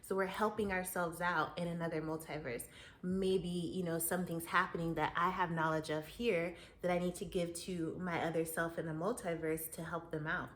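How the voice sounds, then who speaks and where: A woman hosting her own show, telling a story in a casual monologue, animated and often breaking into laughter as she talks straight to the listener. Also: fairly low pitch, moderate pace. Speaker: podcast host.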